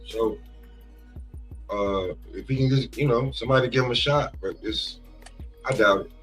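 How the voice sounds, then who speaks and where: Husky-voiced guy, stops and restarts a lot, boxing talk. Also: medium pitch, moderate pace, a bit bright, faint music behind, rough recording. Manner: hesitant, searching for words. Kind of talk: casual chat. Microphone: remote livestream call.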